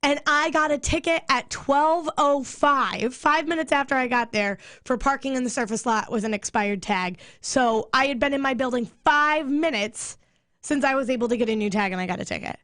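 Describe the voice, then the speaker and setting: A woman radio co-host ranting and swearing in casual chat, fired up and talking fast. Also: high voice, a bit bright, dry recording, studio quality. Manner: angry venting, swearing, rapid rants.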